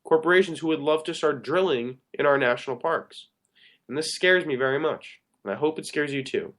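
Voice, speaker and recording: A man's voice: fairly high pitch, a little fast, a bit bright. A man hosting a talk show, giving an earnest, rambling monologue that often corrects itself mid-sentence. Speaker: radio show host.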